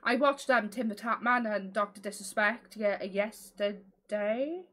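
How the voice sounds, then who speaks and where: A woman's voice: a little high, fairly even intonation, moderate pace, sharp tone. A woman livestreaming a video game, chatting casually and giggling, calling people lovely. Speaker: gaming livestreamer.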